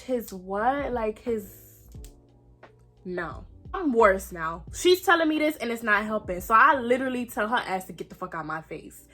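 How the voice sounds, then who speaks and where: A woman's voice: fairly high pitch, big pitch swings, normal speed, fairly bright tone, soft background music. A young woman animatedly retelling a night out, acting out quotes and swearing freely. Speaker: vlogger telling a story. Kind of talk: animated storytime.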